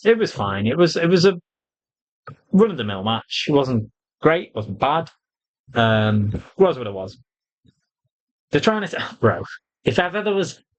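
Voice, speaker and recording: Male reviewer, mid-pitched, blunt and profane, animated retelling. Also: rough recording. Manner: blunt, sweary, animated retelling with quoted voices. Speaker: wrestling reviewer. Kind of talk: casual opinionated review.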